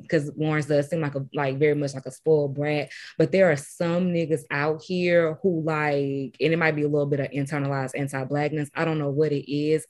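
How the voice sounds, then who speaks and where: A woman's voice: deep voice, darkish tone. A woman co-hosting a casual podcast, telling anecdotes and quoting herself and her friends. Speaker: podcast co-host. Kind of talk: casual chat, storytelling.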